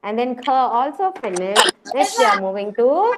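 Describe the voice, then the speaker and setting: Heavy background noise surrounds a woman whose slightly high, sing-song voice moves at a moderate pace. Speaking with an Indian English accent, she leads young children in an online preschool lesson, and the muffled video-call sound carries her repeated encouraging call-outs.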